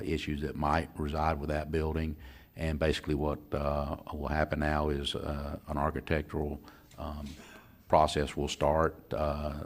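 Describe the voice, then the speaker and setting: A man giving a county official's report at a public meeting, measured and pausing often with "uh". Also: extremely low pitch. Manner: measured, with many "uh" pauses.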